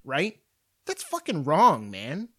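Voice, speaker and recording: A man's voice: a little high, slow, slightly rough. A young man hosting a podcast, ranting in casual, profane storytelling about everyday annoyances. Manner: profane, animated storytelling rant. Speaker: podcast host.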